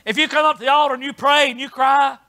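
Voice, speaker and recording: Man, middle-aged preacher, high voice, bright tone, folksy sermon, soft asides to shouting. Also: fairly even intonation, fast. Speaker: pastor.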